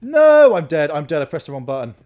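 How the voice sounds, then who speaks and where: A young man commentating on a horror game, excitable and chatty, muttering repeated counts under his breath between bursts of excitement. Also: fairly high pitch, racing, highs cut off. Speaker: gameplay commentator.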